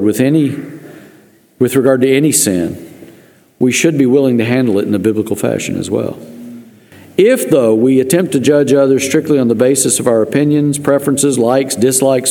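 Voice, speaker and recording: Male pastor, earnest sermon with wry asides, warm tone, reverberant church. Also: medium pitch. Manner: earnest, with dry joking asides. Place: church sanctuary. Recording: long reverb of a church hall.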